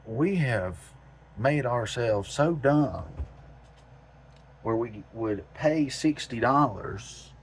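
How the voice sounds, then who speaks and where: Speaking at medium pitch over slight background noise, a man who hosts a homestead channel vents bluntly and with exasperation. His monologue to camera leans on repeated phrases for emphasis.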